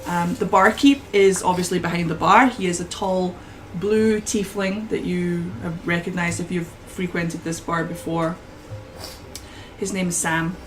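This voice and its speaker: A woman running a tabletop game, her voice on the lower side. She describes scenes unhurriedly, often restarting a thought mid-sentence. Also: fairly even intonation, a little slow, slight background noise, rough recording. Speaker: game master.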